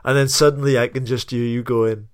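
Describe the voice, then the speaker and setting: A man from South Wales with a Welsh accent, co-hosting a podcast and telling anecdotes in a lively, casual way. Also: medium pitch, brisk, no room sound, studio quality. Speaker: podcast co-host. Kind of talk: casual chat.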